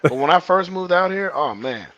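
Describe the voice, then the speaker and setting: A man from Atlanta on a podcast panel, telling stories in a laid-back, expressive way. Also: high voice, normal speed, muffled recording. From Atlanta, USA. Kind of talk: casual group chat.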